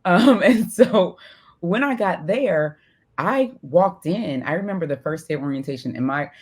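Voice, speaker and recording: A woman's voice: fairly low pitch, expressive, normal speed, breathy edge. A woman from Syracuse, New York, co-hosting a podcast and telling her own story in casual chat. She laughs often and keeps checking in with "right?". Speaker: podcast co-host.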